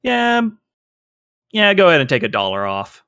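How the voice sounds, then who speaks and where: A man narrating a tabletop game as game master, halting and full of filler words. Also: a little high, wildly swooping pitch, sharp tone, smooth, dry recording, clean studio sound.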